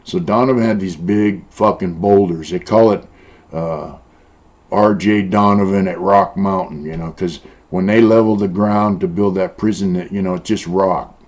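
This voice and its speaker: A man's voice: deep voice, fairly even intonation, moderate pace, darkish tone. An older man from San Diego telling prison stories in a blunt, profane way, with many "uh" and "you know" fillers. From San Diego, Southern California. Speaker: former prisoner interviewee. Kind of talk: casual storytelling. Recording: dull lo-fi sound.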